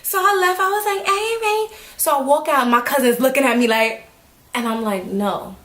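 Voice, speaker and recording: A woman's voice: high voice, fairly quick, a little hiss or hum. A young woman vlogger casually telling a story, acting out what people said and laughing often. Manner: animated, acts out quotes, laughs often. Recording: echoey room.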